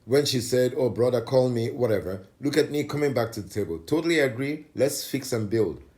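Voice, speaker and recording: A man's voice: medium pitch, expressive, brisk, a little mellow. A man hosting his own channel, commenting pointedly and defensively on clips he plays.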